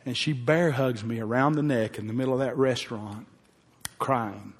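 A man's voice: medium pitch, fairly even intonation, moderate pace. A man, a pastor telling a heartfelt personal story in a folksy sermon. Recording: long hall reverb.

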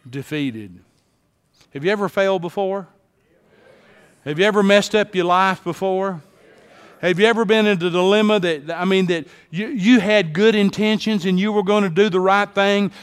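A high-pitched male preacher who takes his time, dropping to near whispers and then rising to shouts. His voice rings out with a long hall echo, like in a big church. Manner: dramatic, swings from hushed to shouting. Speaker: pastor. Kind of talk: sermon.

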